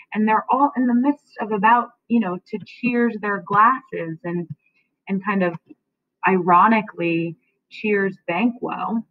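A woman's voice: medium pitch, slow pace, dry recording. A woman teacher explaining a play to her students, checking in often with a questioning "okay?". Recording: dry, tinny phone-like sound.

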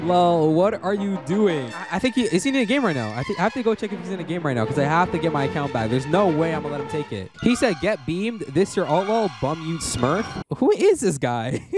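An excitable young man commenting on his gameplay, his slightly high voice swinging wildly between mocking chat read-outs and panicked outbursts. Clear game music plays steadily behind him. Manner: excitable, reads chat aloud in mocking tones, panicky bursts. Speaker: gaming youtuber.

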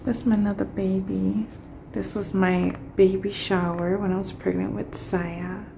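Young woman vlogger, low gravelly voice, chatty and emotional, phone-recorded with faint noise. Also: flat delivery, unhurried, warm tone. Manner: chatty and emotional, addresses viewers as y'all. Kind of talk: casual vlog talk to camera. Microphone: phone camera.

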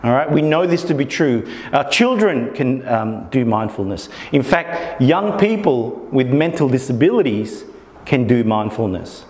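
A man with a medium-pitched, slightly mellow voice speaks unhurriedly and with lively intonation. He's a workshop presenter giving an informal talk to a small meetup group, regularly checking in with his audience and acting out his inner thoughts. The room is echoey, with a long reverb.

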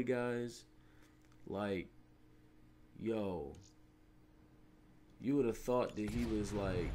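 Animated, slangy young gaming commentator. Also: male voice, fairly low pitch, a little hiss or hum. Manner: animated, slangy, laughing storyteller. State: sniffly. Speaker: gaming video host. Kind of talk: rambling gameplay commentary. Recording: gunfire and clicks under voice. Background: in-game gunfire.

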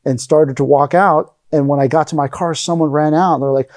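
A man's voice: a little high, fairly even intonation, brisk, a little mellow, dry recording, studio quality. A middle-aged man telling stories in a casual interview, acting out the lines he quotes. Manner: rambling anecdotes, acts out quoted lines. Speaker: interview guest, aikido teacher.

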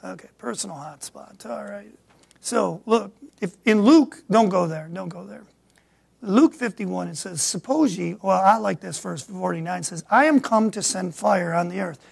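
A middle-aged man from Michigan preaching a sermon as pastor, swinging from quiet asides to loud emphatic peaks. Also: high-pitched, moderate pace, creaky, husky. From Michigan, USA.

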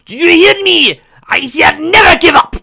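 A man's voice: fairly high pitch, animated, measured pace, bright, forceful tone, pitched above the performer's own voice. A man voicing a pompous, lovesick royal guard captain. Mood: shaky.

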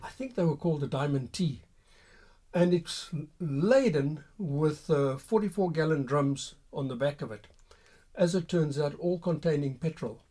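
Mellow older veteran reminiscing. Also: male voice, on the high side. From Rhodesia. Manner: unhurried, hesitant, with frequent pauses. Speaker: army veteran answering viewers' questions. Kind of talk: reflective spoken reminiscence.

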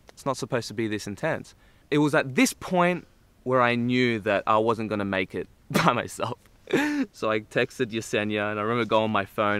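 A man's voice: medium pitch, dry recording. A man telling a long personal story in a casual, rambling way, full of "like"s and laughter. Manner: animated, rambling, many "like"s and laughs. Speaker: vlogger telling a trip story.

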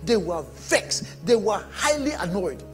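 A man preaching a sermon, animated and bursting into shouts. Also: high voice, a little slow, soft background music. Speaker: pastor.

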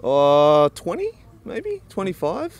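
A man's voice: fairly high pitch, wildly swooping pitch, takes it slowly, muffled recording. A man answering interview questions in an easygoing, laid-back way. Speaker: athlete guest.

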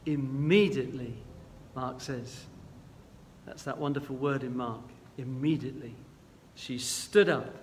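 A man preaching a sermon as a guest, retelling a Bible story in an earnest, gentle and halting way. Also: on the high side, big-room sound.

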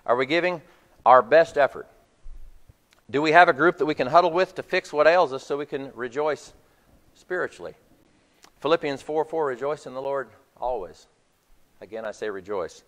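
A man's voice: a little high, a bit bright, big-room sound. A man preaching a sermon to his congregation, retelling a film scene as a story. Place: church hall.

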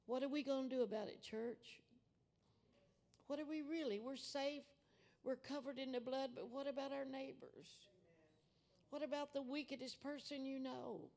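Older woman guest preacher, gravelly and fervent, a bit high-pitched. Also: steady tone, normal speed, darkish tone. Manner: fervent, calls listeners sweetheart and babies. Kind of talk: sermon testimony.

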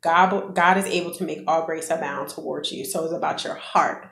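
A woman's voice: sits low, fairly even intonation, normal speed, vocal fry, a bit bright. A middle-aged woman vlogging, sharing an earnest faith testimony and talking straight to her viewers. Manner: earnest, preachy, addresses viewers as guys. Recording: echoey room.

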